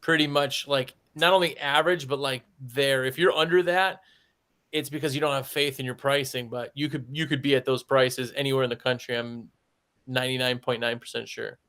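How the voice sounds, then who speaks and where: A man's voice: medium pitch, steady tone, a little fast, bright, forceful tone. A man who runs a window cleaning business, chatting casually on a podcast and telling stories with lots of "like". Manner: chatty storyteller, heavy use of "like".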